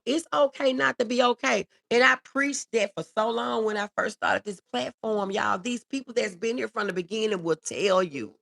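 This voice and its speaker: A woman's voice: a little high, creaky, a bit bright. A woman hosting a casual livestream, reading viewer comments aloud and answering them in an earnest, reassuring way, often repeating her key phrases.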